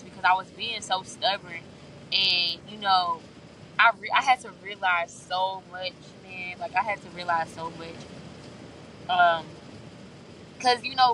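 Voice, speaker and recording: A woman's voice: mid-range voice, pushed and bright, recorded from a distance, rough recording. A woman sharing an earnest, heartfelt personal faith vlog, often checking in with her listeners as she talks. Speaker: faith vlogger. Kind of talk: candid personal vlog monologue.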